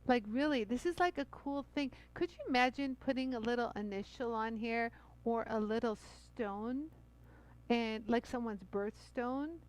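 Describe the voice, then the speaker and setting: Bubbly and talkative, a middle-aged woman runs a jewelry tool demo on a live stream, using lots of fillers and addressing her audience as "you guys." She speaks unhurriedly in a slightly high voice over poor audio.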